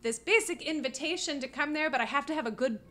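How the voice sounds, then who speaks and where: A woman guest on an interview podcast, telling stories in a casual, animated way, full of fillers and laughs. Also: high voice, quick pace. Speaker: guest musician.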